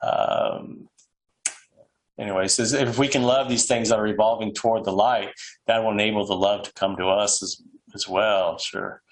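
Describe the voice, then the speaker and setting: A man with a fairly low voice reads case accounts aloud in a loose, conversational way. He stops often for ums and restarts between the quoted passages. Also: fairly even intonation, moderate pace, rough recording. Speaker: presenter reading case accounts. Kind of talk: casual reading aloud from books.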